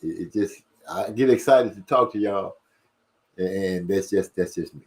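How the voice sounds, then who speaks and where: Fast-talking man hosting a stream. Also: low voice. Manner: fast-talking, rushes and stumbles over words. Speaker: livestream host. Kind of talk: casual chat reading viewer comments.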